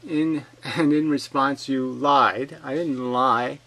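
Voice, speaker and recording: A man in a heated rant, answering an opponent's comments one by one. His delivery is combative and sarcastic, packed with swearing and insults, at a middling pitch. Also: fairly even intonation, slow pace, sharp tone, rough recording. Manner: reads out an opponent's comments and fires back. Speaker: video commentator. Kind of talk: ranting rebuttal monologue.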